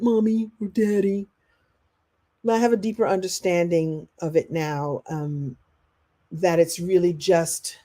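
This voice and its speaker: Chatty, animated woman coach. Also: on the low side. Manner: chatty, animated, acts out quoted voices; laughs often while talking. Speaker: life coach and speaker. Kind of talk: live online masterclass Q&A.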